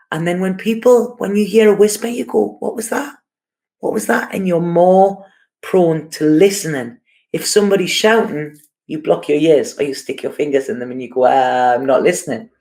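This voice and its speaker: A woman giving a casual tarot reading, talking in an unhurried way and often checking in with "you know" and "okay". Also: fairly low pitch, lively intonation, warm tone. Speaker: tarot reader.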